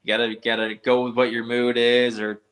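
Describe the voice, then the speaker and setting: A motocross racer from the eastern United States talks as a guest on a podcast. He speaks in a steady, flat line with a bright, forward tone. His manner is plainspoken and laid-back. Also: mid-range voice, fairly quick, clear, resonant tone. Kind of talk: casual interview chat.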